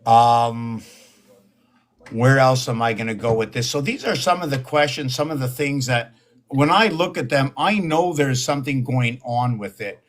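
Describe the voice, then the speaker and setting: A man talking to his own video, meandering and thinking aloud with many ums and pauses. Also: mid-range voice. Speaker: video host. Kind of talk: rambling solo video talk.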